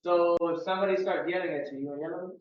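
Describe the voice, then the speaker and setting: This man is a real estate sales trainer from Miami, United States, running a training session for his sales team in a relaxed, joking way. He talks fast in a high-pitched, steady voice. The meeting-room recording is distant, roomy, and dull.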